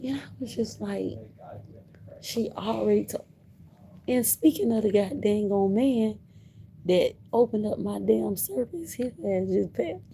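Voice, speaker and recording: Slow-talking woman telling a story. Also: medium pitch, creaky, dark tone. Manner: emphatic, repeats herself, laughs between lines. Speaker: livestreamer. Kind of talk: casual livestream storytelling.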